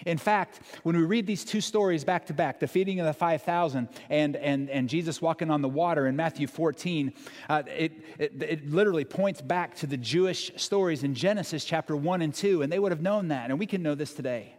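A pastor delivers a lively, conversational sermon, punching key words for drama. His voice sits a little high for a man. It rings with the long reverb of a church hall. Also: a little fast. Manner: animated, conversational preaching with dramatic emphasis.

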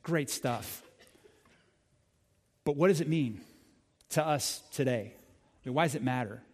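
A man preaching a sermon as pastor, animated and conversational, speaking directly to his congregation. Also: medium pitch, a little slow, breathy edge, in a large hall.

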